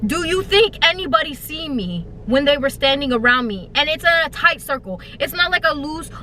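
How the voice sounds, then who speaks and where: A young woman telling a storytime to her YouTube viewers, casual and profane, slipping into dramatic high-pitched wailing and mock sobbing. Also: expressive, moderate pace, sharp tone, slight background noise. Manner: profane, slangy and conversational. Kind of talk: animated storytime vlog.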